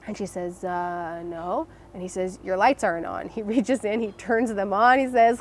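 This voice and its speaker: Speaking at medium pitch over faint background noise, this young woman shares her own story in an interview. She sounds emotional and hesitant, often restarting and leaning on fillers.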